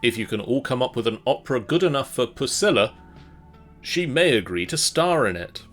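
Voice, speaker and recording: A man narrating as game master of a tabletop role-playing game, wry and deadpan. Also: medium pitch, normal speed, soft background music.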